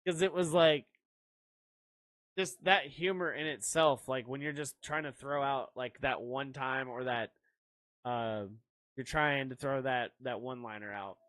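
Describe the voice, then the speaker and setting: A man's voice: medium pitch, measured pace, fairly bright tone, dry recording. A man co-hosting a podcast, chatting casually in a rambling, laughing, profane way. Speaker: podcast co-host.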